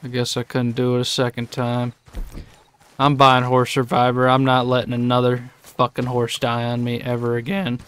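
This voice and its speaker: A man's voice: mid-range voice, completely flat delivery, normal speed, a bit bright, smooth. A young man streaming a video game, swearing, complaining and laughing in mock grief. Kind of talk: casual game commentary.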